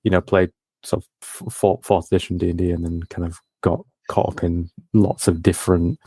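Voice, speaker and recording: A man's voice: sits low, level tone, normal speed, mellow, dry recording. A man being interviewed as a game designer, answering modestly with a hesitant, searching manner. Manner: hesitant, lots of fillers and restarts, modest.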